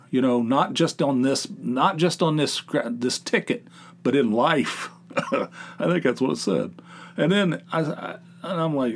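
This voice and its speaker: A man hosting his own podcast, telling a casual story with exasperated, animated swings. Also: medium pitch, normal speed. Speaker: podcast host.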